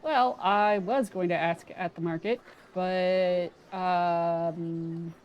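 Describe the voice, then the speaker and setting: A woman's voice: on the low side, fairly even intonation, very slow, dull audio, slight background noise. A woman playing a story game aloud and chatting about it in a casual, self-deprecating way. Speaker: game player voicing characters. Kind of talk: casual commentary.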